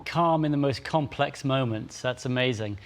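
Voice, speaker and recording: A man co-anchoring a live news show, asking questions in a quick, casual way. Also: mid-range voice.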